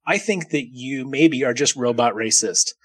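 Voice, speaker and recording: Podcast guy teasing his buddy, playful arguing, mid-pitched everyday voice. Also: moderate pace, slightly rough, dry recording, poor audio. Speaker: podcast co-host. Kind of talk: casual chat.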